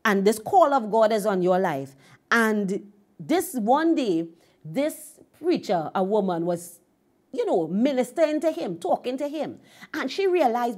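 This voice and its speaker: A woman's voice: fairly high pitch, big pitch swings, a little slow, darkish tone. A woman hosting a devotional show, teaching and telling stories with emphatic delivery. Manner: emphatic storytelling. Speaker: host and minister.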